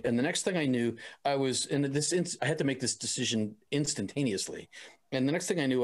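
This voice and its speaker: A middle-aged man speaks as an interview guest, recounting a personal experience. His voice sits at an ordinary male pitch, and he talks in an earnest, halting way, often restarting and repeating words as he searches for them.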